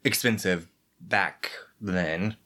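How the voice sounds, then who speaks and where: A woman's voice: very deep voice, extremely slow, fairly bright tone. A woman co-hosting a podcast in casual chat, rambling and joking with lots of "like" asides. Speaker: podcast co-host.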